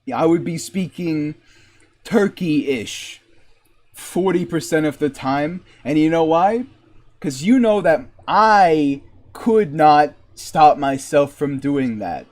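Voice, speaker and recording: Slow-talking young man from Massachusetts. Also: fairly high pitch, lively intonation. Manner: rambling, joking, full of fillers. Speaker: streamer. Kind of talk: casual chat while gaming.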